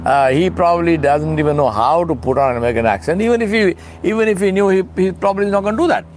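A man's voice: on the high side, fast, slight background noise. A middle-aged man preaching in a conversational way, asking rhetorical questions and acting out little dialogues. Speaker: Islamic speaker. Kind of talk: informal sermon talk.

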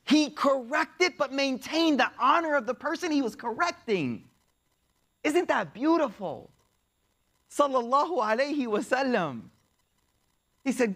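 A male preacher telling a story in a sermon, with a voice pitched a little high. He is lively and casual and acts out the people in the story in his own voice. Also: measured pace, pauses often. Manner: lively, acts out the quoted figures, uses casual slang.

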